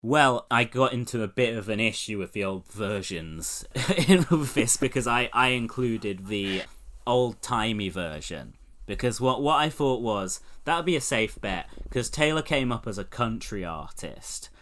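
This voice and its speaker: A man's voice: lowish voice, expressive, a little slow, a bit bright. A male podcast host from England chats casually with a guest. He swears freely and cracks ironic jokes, laughing often as he talks. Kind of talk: casual chat.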